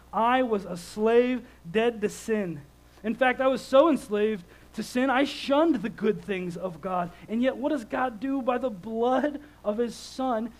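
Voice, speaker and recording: A man in his thirties preaching a sermon, conversational and animated, telling stories with lively swings in loudness. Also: high voice, low-quality recording.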